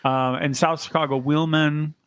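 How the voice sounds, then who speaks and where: A man's voice: on the high side, steady tone, moderate pace, clear, resonant tone, no room sound. A man co-hosting a podcast, chatting casually about bike racing and rambling with lots of ums and restarts. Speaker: podcast co-host and amateur bike racer. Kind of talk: casual chat.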